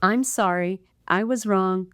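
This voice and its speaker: Casting: middle-aged female podcast co-host, mid-pitched, earnest and emphatic. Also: unhurried, a bit bright, clear, resonant tone. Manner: earnest, emphatic, often checks in with "right?". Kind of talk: casual conversational podcast.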